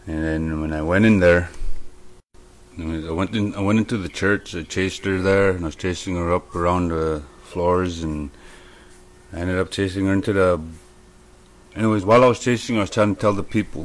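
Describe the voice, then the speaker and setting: A man from Manitoba, Canada, gives a personal testimony about a vision. His voice sits very low. He tells it earnestly and haltingly, circling back over his words. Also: steady tone. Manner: earnest, halting, repeats himself as he recounts. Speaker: storyteller sharing a vision.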